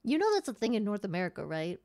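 A woman's voice: mid-range voice, big pitch swings, quick pace, darkish tone. A woman co-hosting a podcast in casual chat, playful and teasing, with a mixed English and Australian accent. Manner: playful, teasing, laughs often. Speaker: podcast co-host.

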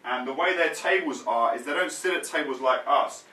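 A man preaching a sermon, telling the story in a lively way with casual slang. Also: medium pitch, moderate pace, far from the mic. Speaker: pastor. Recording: roomy sound, mic set back from speaker.

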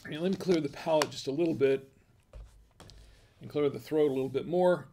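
A man's voice: on the high side, a little fast, dark tone, slight background noise. A man hosting a casual wine tasting livestream, musing aloud in a hesitant, chatty way. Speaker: wine review show host.

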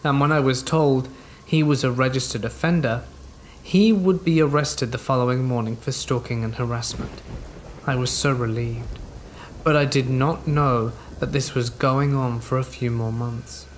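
A man reading a true horror story aloud in first person, with steady, measured scripted narration. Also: medium pitch, a little hiss or hum, low-quality recording. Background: rain.

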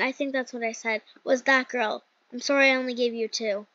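A woman's voice: a little high, fairly even intonation, brisk, few pauses, pushed and bright, no echo. A woman hosting a gaming channel, chatting casually and giggling through gameplay commentary with lots of "like" fillers. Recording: dull lo-fi dry sound.

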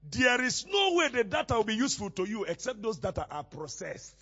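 A male pastor preaching a sermon, asking questions and having the congregation call back the missing words, often rising to shouts. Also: sits high, very animated, a little fast, breathy edge, muffled recording.

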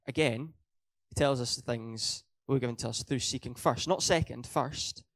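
A man's voice: mid-range voice, steady tone, normal speed. A young man preaching a sermon in a church hall, earnest, hammering his points home by repeating them and correcting his own slips.

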